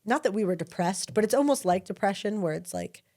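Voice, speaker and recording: A woman's voice: medium pitch, a little fast. A woman in her thirties co-hosting a podcast, telling family stories in casual chat and laughing often. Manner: animated storyteller, laughs often. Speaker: podcast co-host.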